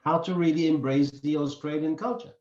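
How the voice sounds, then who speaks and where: Earnest high-voiced man, echoey sound. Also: fairly even intonation, darkish tone. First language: not English. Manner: earnest, halting with repeated words. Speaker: podcast host. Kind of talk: casual chat. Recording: echoey, dull room sound.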